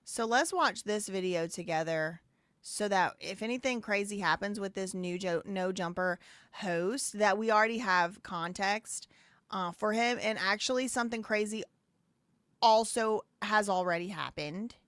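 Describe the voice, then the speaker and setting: A woman's voice: mid-range voice, a little slow, a bit bright, no room sound. A woman hosting a live stream, chatting casually, laughing and repeating phrases as she goes. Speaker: live show host.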